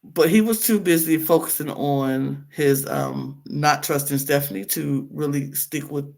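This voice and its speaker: Guy with a gravelly voice, kinda high, gossiping about a reality show on a podcast. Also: measured pace. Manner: animated, acts out quotes with big pitch jumps and laughs. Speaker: podcast co-host. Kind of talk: casual reality TV recap chat.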